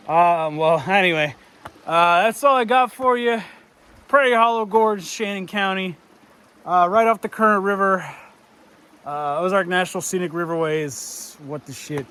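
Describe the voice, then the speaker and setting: A young man vlogging outdoors in a rocky gorge, awestruck and excitable, swearing freely as he talks. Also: a little high. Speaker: nature vlogger. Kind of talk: casual outdoor vlog narration.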